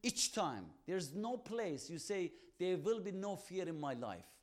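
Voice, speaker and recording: A man with a fairly high voice preaching in earnest. He tells his story with conviction and acts out the conversations in it. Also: big pitch swings, measured pace. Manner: earnest storytelling in non-native English, acts out dialogue. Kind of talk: testimony sermon.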